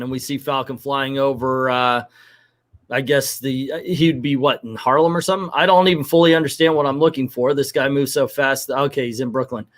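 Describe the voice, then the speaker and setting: A man reviewing a comic book on a live show, talking in a rambling, animated way that breaks into rants. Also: medium pitch, fairly quick.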